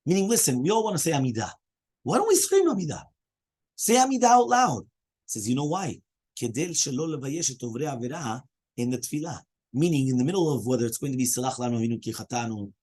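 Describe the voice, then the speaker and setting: A man, a rabbi, teaching a daily Talmud lesson to students. He talks in an animated way, weaves Hebrew and Aramaic terms into his explanations, and keeps asking "right?" and "you understand?". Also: mid-range voice.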